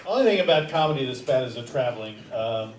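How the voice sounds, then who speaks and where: A man's voice: mid-range voice, lively intonation, quick pace, distant mic, a little hiss or hum. A man emceeing a comedy showcase, upbeat and chatting with the audience. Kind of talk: emcee crowd work. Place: comedy theater stage. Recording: echoey theater from afar, loud crowd.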